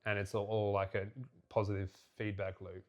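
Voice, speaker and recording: Deep-voiced man in halting chat. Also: completely flat delivery, highs cut off. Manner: gentle, halting, restarting sentences. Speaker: podcast co-host. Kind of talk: casual couples chat.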